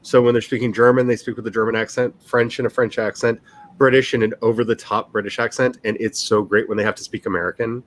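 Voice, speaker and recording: A man's voice: lowish voice, flat delivery, fast talker. A man in his forties chatting casually on a livestream, rambling along, reading his chat and laughing often. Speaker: livestream host, writer.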